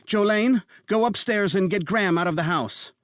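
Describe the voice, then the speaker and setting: A man's voice: high voice, normal speed, no room sound, clean studio sound, pitched above the performer's own voice, lightly acted. A male narrator voicing a cold, commanding mother who snaps orders. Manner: curt, commanding.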